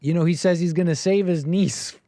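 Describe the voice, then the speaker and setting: Male livestream host, ranting commentary, fairly high voice, dry close mic, bursty and emphatic. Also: no room sound. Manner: animated, rapid restarts, sudden loud bursts.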